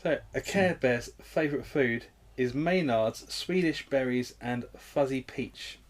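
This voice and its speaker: A man's voice: medium pitch, measured pace, few pauses. A man co-hosting a casual comedy podcast, giggling and tossing in silly one-liners. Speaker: podcast co-host.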